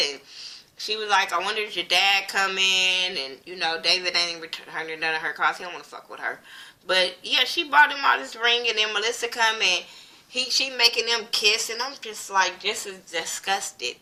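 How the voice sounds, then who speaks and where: A woman, giving a casual, profane recap of a TV episode and acting out the characters' lines as she goes. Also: mid-range voice. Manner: blunt, profane, animated retelling with quoted voices. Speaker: TV show reviewer.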